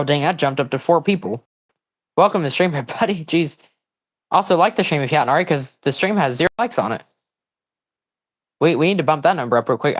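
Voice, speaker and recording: A man hosting a livestream, giving casual, rambling commentary on a wrestling broadcast and breaking into excited outbursts and confused reactions. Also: on the high side. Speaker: livestream host.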